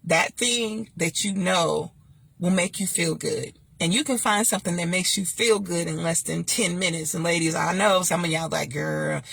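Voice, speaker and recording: A woman, chatting casually and sassily to viewers, preachy at times and laughing loudly. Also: moderate pace, creaky, breathy edge. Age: 50s. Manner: sassy, preachy, laughs loudly and swoops high when joking. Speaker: host. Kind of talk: casual livestream chat.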